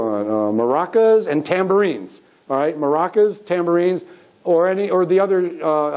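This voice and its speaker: A man's voice: a little high, darkish tone, poor audio. A middle-aged man leading a music workshop, teaching with call-and-response singing in a conference room. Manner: upbeat, leads the room in sung call-and-response. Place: conference room with live audience. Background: guitar strummed by the speaker.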